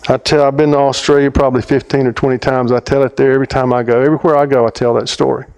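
A man from America preaching as an earnest storyteller, stretching key words and pausing for emphasis. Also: mid-range voice, little pitch movement, darkish tone, smooth, rough recording. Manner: earnest, emphatic storyteller with slowed dramatic pauses. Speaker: speaker at a theology conference. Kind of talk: storytelling sermon.

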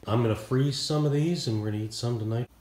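A man's voice: mid-range voice, fast, a little mellow, poor audio. A man hosting a home cooking video, talking casually outdoors and explaining each step in an easygoing, chatty way. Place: outdoors by a backyard smoker. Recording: outdoor recording with noticeable background noise.

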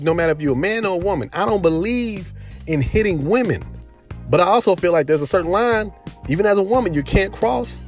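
A man vlogging, telling a personal story in a casual, animated way with lots of "you know" fillers, as a commentary host. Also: high-pitched. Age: adult with daughters. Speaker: video host.

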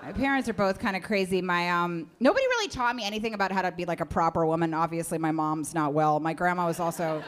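A woman's voice: on the low side, expressive, quick pace, few pauses. A young woman comedian telling stories on a club stage in a sardonic, exasperated way. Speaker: stand-up comedian. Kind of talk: stand-up comedy set. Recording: live club with audience laughter.

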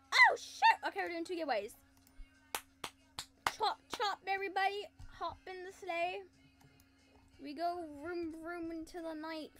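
A woman with a very high voice chats away on a game livestream, playful and silly. She keeps slipping into goofy bits and giggles, with faint music playing underneath. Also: measured pace, a bit bright. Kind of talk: casual live game-stream chatter.

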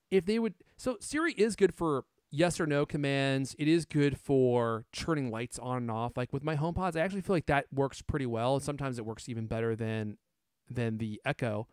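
A man hosting a casual tech podcast, chatty and relaxed as he talks. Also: mid-range voice, clean tone, no echo, clean studio sound. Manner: casual and chatty, laughing now and then. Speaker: podcast host.

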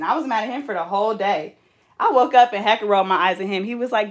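A young woman, chatting casually and telling animated, sassy stories while she braids hair. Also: mid-range voice, fast. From California. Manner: animated, laughing storyteller with playful sass.

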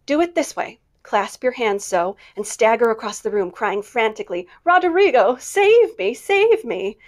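A woman voicing a bold, impulsive teenage girl who talks in a quick, dramatic way. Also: mid-range voice, natural voice. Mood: theatrical.

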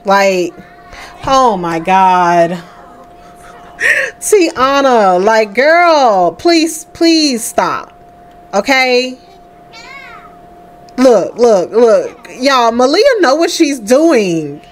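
A woman's voice: a little high, very slow, pauses often. A woman hosting a life-sim let's play, chatting casually and laughing as she talks to her characters. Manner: chatty and animated, laughing often, talking to the sims. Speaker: gaming host.

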